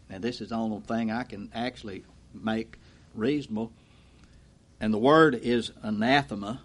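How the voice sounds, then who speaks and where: A man preaching an expository sermon in a folksy way, acting out quotes and swinging from loud to low.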